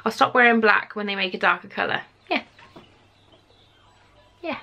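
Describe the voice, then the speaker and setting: A woman in her thirties chats through an unboxing at home, gushing and excitable, her voice slipping between bright exclamations and low mutters. Her tone has a gravelly fry to it. A faint hiss sits under the recording. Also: normal speed, muffled recording. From England. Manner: gushing, excitable, with sudden gasps and soft mutters. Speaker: vlogger. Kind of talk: casual unboxing chat. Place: home room.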